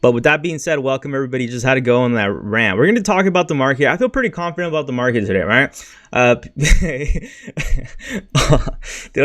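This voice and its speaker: A man with a mid-range, fairly bright voice streams about crypto trading, venting his frustration over his losses. His casual livestream rant and market talk is blunt and slangy, full of "freaking," "bro," and "dude."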